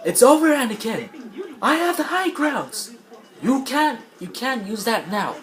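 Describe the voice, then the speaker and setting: A man voicing a stern male knight mentor, shouting in a high, strained voice. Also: very animated, a little slow, a crowd in the background, full character voice. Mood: triumphant.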